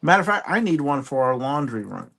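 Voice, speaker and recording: A man hosting a live online sale, joking and describing items deliberately. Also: mid-range voice, sing-song, vocal fry, fairly bright tone. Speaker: auction host.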